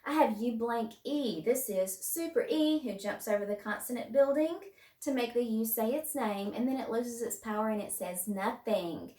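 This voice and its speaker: A woman teacher leading a children's phonics lesson, drilling sounds one at a time in a slow, patient way. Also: fairly high pitch, warm tone, reverberant, far from the mic. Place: home room, distance learning.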